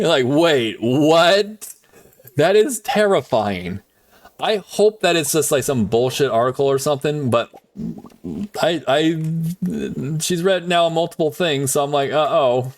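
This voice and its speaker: A young man rambles through a casual live stream while he plays, his pitch swinging up and down. He talks in an animated, loose way and swears without a second thought. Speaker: game streamer.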